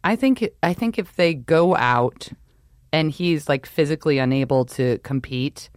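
A woman co-hosting a podcast, chatting casually about sports in an animated, jokey, trash-talking way. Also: low voice, measured pace, no echo, clean studio sound. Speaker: podcast co-host.

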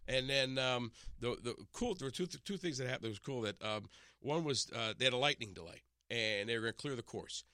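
Recorded dry on a studio microphone, an in-studio radio guest chats casually and tells stories a little fast in a mid-range voice. He is animated, frequently restarts his sentences and performs the quotes he relays.

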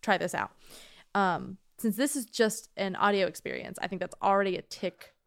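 A woman's voice: mid-range voice, normal speed, vocal fry, smooth, no echo. A woman co-hosting a podcast in casual chat, talking loosely with many "like"s and some swearing. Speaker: podcast co-host.

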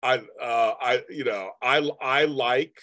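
A man's voice: mid-range voice, slow pace, fairly bright tone, no echo. A man in his fifties hosting a live stream, chatting casually and rambling as he answers comments from viewers. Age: 50s.

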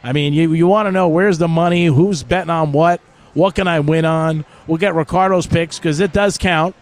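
A man's voice: fairly high pitch, fairly even intonation, moderate pace. A middle-aged man hosting sports betting talk radio, chatty and joking as he tells stories. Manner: chatty storytelling with jokes.

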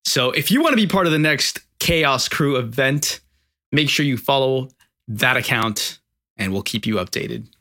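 A man's voice: mid-range voice, expressive, normal speed, sharp tone. A man co-hosting a casual podcast, running a quiz and teasing the others. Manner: teasing, joking. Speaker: podcast co-host and quizmaster.

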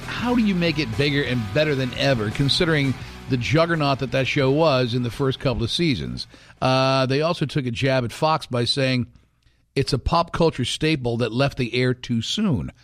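A man's voice: moderate pace, soft background music. A man hosting a morning radio show, chatting and telling stories animatedly, acting out quotes in other voices. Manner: animated storyteller, acts out quotes in high voices. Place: radio studio.

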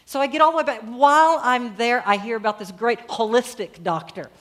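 A loud, gossipy woman , put on by a preacher, rattles on about years of doctors who never helped. The voice is a bit raised and exasperated, with a sermon storyteller's flair. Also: on the high side, brisk, natural voice. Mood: chatty, exasperated.

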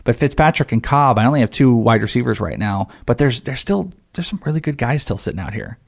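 A man's voice: medium pitch, animated, a little fast, gravelly. A man in casual, joking chat during a fantasy football draft, often slipping into goofy voices.

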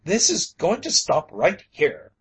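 A man voicing an outraged old bearded easterner who shouts indignant accusations. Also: on the high side, huge pitch swings, takes it slowly, slightly rough, voice pushed up, heavily acted. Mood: furious.

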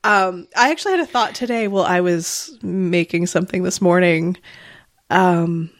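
A woman's voice: fairly low pitch, normal speed. A woman in casual chat, thinking aloud in long rambling turns full of "like" fillers. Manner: rambling, analytical, many "like" fillers. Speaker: podcast co-host.

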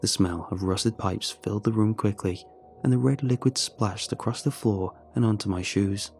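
A man reading a first-person horror story in a measured, steady way. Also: fairly low pitch, vocal fry, faint music behind.

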